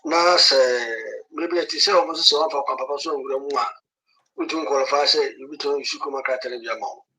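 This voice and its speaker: Bright-voiced hesitant man. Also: mid-range voice, fairly even intonation, quick pace, poor audio. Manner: hesitant, repeats words while searching. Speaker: caller asking a question. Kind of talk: casual questioning.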